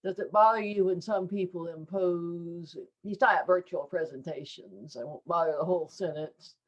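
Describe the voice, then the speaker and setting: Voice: mid-range voice, moderate pace. Chatty writer rambling about hating prompts, muffled lo-fi sound. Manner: chatty, self-deprecating. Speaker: workshop participant. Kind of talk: casual chat.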